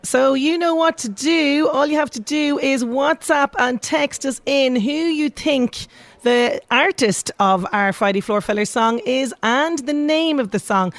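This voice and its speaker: An Irish woman hosting a radio show in a chatty, upbeat way. Her voice sits a little high and sounds close and dry, with no room around it. She reads out listener messages. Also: a little slow, dry recording. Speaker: radio presenter. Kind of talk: casual radio presenting. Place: outside broadcast at a local venue.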